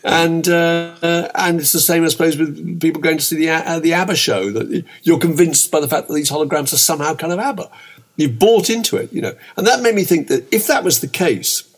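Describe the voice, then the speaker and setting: A man's voice: on the high side, a little fast. An older man co-hosting a podcast, chatting in a rambling way with many asides. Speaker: podcast co-host. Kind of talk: casual chat.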